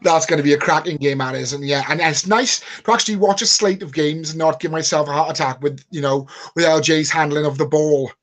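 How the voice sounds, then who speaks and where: A man's voice: on the high side, steady tone, a little fast, hardly any pauses, a bit bright. A British man co-hosting a podcast, chatting in a jokey, confident way. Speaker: podcast co-host. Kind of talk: casual chat.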